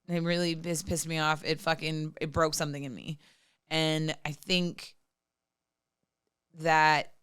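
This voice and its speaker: Low-voiced, frank woman in casual chat. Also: fairly bright tone, clear, resonant tone, no room sound, clean studio sound. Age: 30s. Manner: frank, profane, many "like" fillers. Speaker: podcast guest.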